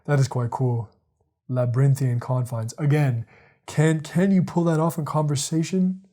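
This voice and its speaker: Guy rambling thru his thoughts on a podcast, lots of "you know", warm mellow tone. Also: on the high side, normal speed. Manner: rambling, repeats words, frequent fillers. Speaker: podcast host. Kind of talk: casual monologue, reading quotes aloud.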